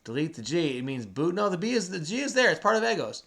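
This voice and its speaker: A man's voice: high voice, very animated, fast talker, fairly bright tone. A man hosting a crossword video, patiently and chattily explaining the clues to a child who does the typing. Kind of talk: casual explaining to a kid while solving.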